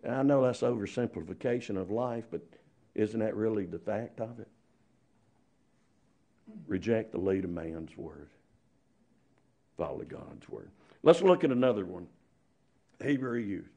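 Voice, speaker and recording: A man's voice: medium pitch, expressive, unhurried, dark tone. A man preaching a sermon, emphatic and full of rhetorical questions.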